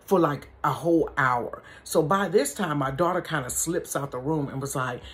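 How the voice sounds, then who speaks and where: A woman telling a family story in a casual storytime vlog from her bedroom, chatty and animated, calling her viewers y'all and honey. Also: low-pitched, moderate pace.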